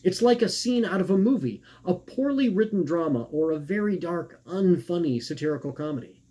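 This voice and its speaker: A man reading his own personal essay aloud in an earnest, measured way, posing rhetorical questions. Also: high voice, expressive, mellow.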